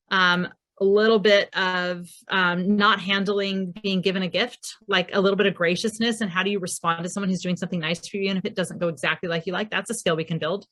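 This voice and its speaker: A woman's voice: mid-range voice, a bit bright. A woman presenting a recorded parenting masterclass in a conversational way, acting out quoted dialogue as she speaks.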